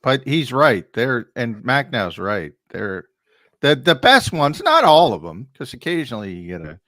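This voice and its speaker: A man's voice: mid-range voice, unhurried, no echo, clean studio sound. A man co-hosting a sports talk show, chatting casually and often restarting his sentences. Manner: animated, stammering restarts. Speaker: show co-host.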